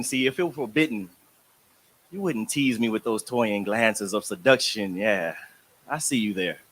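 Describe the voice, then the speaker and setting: A man performing sensual spoken word poetry with a smooth, slow, sensual delivery. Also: medium pitch, pushed and bright. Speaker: performing poet.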